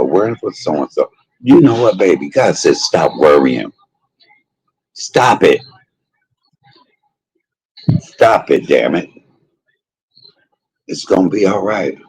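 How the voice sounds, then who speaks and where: A man's voice: sits low, darkish tone, breathy edge, rough recording. An older man hosting a live food stream who drifts into emphatic, folksy preaching. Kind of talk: mukbang stream talk turning into preaching.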